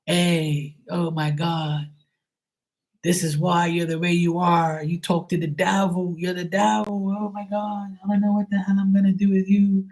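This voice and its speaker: A man's voice: sits high, little pitch movement, measured pace, darkish tone, pitched above the performer's own voice. A man voicing his 80-year-old father as an exasperated, disbelieving parent who berates his son. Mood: aghast, scolding.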